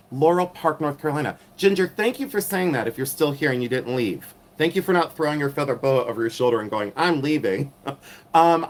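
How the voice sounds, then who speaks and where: A middle-aged man hosting a casual live stream, rambling with many ums and turning sassy and catty when riled. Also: a little high.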